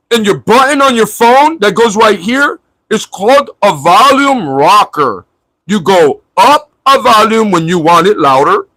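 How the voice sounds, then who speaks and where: High-voiced man mocking a troll. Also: fairly bright tone, no room sound, poor audio. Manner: mocking, profane ranting at a viewer. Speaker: livestream host. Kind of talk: casual livestream chat. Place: at home in Florida.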